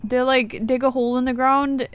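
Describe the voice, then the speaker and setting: A woman's voice: sits high, flat delivery, normal speed, clean tone. A young woman live-streaming a game from her desk at home, chatting casually with lots of swearing and laughing asides.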